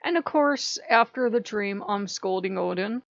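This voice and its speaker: Woman vlogging, chatty and animated storyteller, slightly muffled, dry room. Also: mid-range voice, measured pace, vocal fry, dry recording. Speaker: channel host. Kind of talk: casual vlog storytelling. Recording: dry, dull lo-fi sound.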